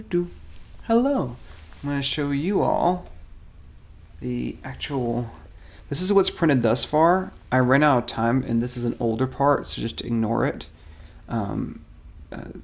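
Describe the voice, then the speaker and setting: A man's voice: mid-range voice, gravelly, darkish tone. A man filling in as host of a weekly product update. He chats casually and playfully with viewers, greeting them by name, rambling and joking at his own expense. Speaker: stand-in host of a miniatures studio's weekly update. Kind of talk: casual product showcase, chatting to live viewers.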